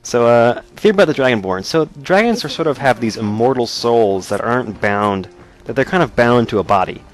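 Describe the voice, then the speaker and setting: A man's voice: medium pitch, lively intonation, normal speed. A young man joking and rambling as he hosts a let's play, with casual commentary. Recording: voice with faint game music.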